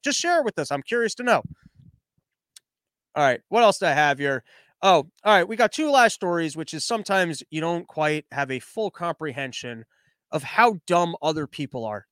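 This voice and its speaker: A man with a notably high speaking voice rants as a podcast host, sarcastic and foul-mouthed as he mocks his targets. The sound is dry and close, with no room echo. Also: a bit bright, clean tone. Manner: sarcastic, profane, mocking. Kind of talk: political commentary rant.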